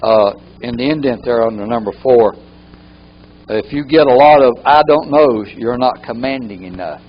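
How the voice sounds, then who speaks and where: A man's voice: mid-range voice, normal speed, muffled recording. A man teaching a live training workshop, often repeating key phrases for emphasis.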